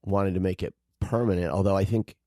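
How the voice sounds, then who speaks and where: A man's voice: sits low, fairly even intonation, a little fast, mellow, no room sound, clean studio sound. A man co-hosting a podcast in casual chat, laid-back and wry, often trailing off. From California. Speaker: podcast co-host.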